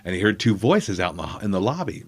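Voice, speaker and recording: A fairly low-voiced man tells a loose, rambling story as a guest. He circles back with fillers and asides, in the relaxed rhythm of a comedian chatting. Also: quick pace, breathy edge. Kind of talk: casual anecdotal storytelling.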